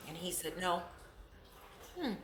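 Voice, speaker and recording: Female vlogger, lowish pitch, conversational and rambling, noticeable background noise. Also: expressive, slow. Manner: chatty, repeats herself, talks with mouth full. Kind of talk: casual talk to camera while eating.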